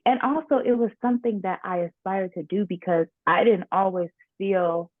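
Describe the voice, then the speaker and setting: A young woman actress telling stories about herself in a casual, animated interview. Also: medium pitch, moderate pace, no echo. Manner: animated, laughing storyteller. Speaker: actress guest. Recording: dry tinny phone-like line.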